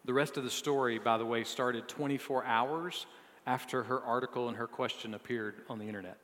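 A male preacher delivers a sermon in a mid-pitched voice, dropping to quiet, low asides and then building to loud, climbing emphasis. The sound carries a long hall reverb. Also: steady tone, a little fast, slight background noise. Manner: reads a woman's written story aloud.

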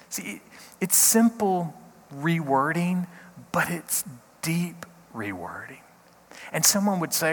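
A middle-aged man, a pastor, giving a short devotional talk in an earnest, halting way, often repeating words. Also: mid-range voice, very animated, a bit bright, slightly rough, long reverb tail.

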